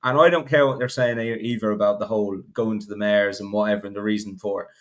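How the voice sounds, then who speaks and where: A man's voice: on the low side, steady tone, fast. A man giving blunt, opinionated horse racing takes on a casual podcast, often restarting sentences. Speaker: podcast panelist.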